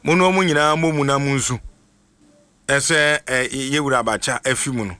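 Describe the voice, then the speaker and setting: A man's voice: mid-range voice, sharp tone, dry recording. A man presenting radio news informally, often stuttering and restarting his words, with music playing underneath. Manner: halting, frequent stutters and restarts.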